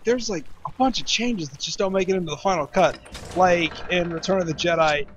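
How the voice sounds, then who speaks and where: A man's voice: a little high, fairly bright tone, dull audio, a little hiss or hum. A man in casual let's-play chat, rambling and jokey as he plays. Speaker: game player and channel host.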